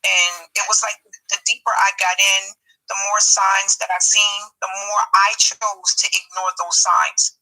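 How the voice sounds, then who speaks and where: A woman telling her own story in a halting, candid way, with restarts and casual speech. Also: mid-range voice, level tone, bright, forceful tone, rough recording. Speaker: support group participant. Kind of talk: personal testimony.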